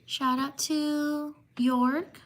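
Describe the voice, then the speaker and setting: A woman hosting a livestream, reading out viewers' names slowly and apologizing when she might have mispronounced them. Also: sits high, little pitch movement. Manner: slow, apologetic, drawn-out shout-outs. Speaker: livestream host. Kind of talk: livestream shout-outs.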